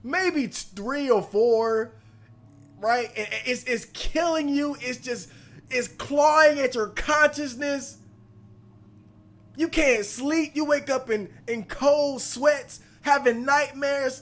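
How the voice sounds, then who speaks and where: A man talking over a game he plays, animated and profane, laughing through his reactions. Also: extremely high pitch, measured pace. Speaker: gaming channel host. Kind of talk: let's play commentary.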